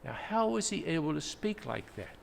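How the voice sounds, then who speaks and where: His voice sits fairly high and gravelly, rising and falling in a sing-song way at normal speed. This male pastor explains and teaches from the pulpit of a church sanctuary, adding dramatic readings, while the echoey room holds faint background noise.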